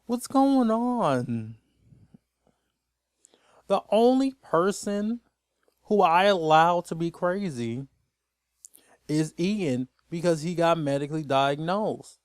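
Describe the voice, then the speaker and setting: A man hosting a casual TV recap, ranting in an exasperated, rambling way. His voice sits a little high and comes across smooth and clear. The room is dry and close, with no echo. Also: slow pace. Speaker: TV recap host.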